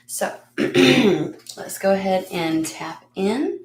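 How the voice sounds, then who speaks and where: A lower-voiced woman talks her way through a casual tarot reading in a frank, chatty manner, swearing freely and laughing at herself. Her voice bounces around a roomy space, with a faint hiss behind it. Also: animated, moderate pace. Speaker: tarot reader and channel host. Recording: echoey room with faint noise.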